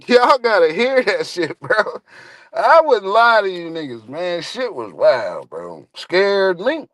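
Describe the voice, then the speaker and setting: Animated, high-voiced male streamer. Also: slow pace, dry recording. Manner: animated, profane, laughing often. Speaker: live stream host. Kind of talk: casual storytelling to a live audience.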